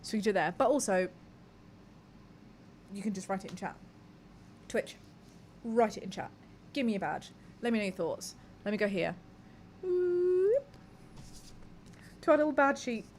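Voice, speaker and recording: A woman's voice: mid-range voice, animated, moderate pace, long pauses, a little hiss or hum. A young woman hosting a live podcast, chatting candidly with her audience, reading messages aloud and swearing casually. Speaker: podcast host. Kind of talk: casual live-stream chat.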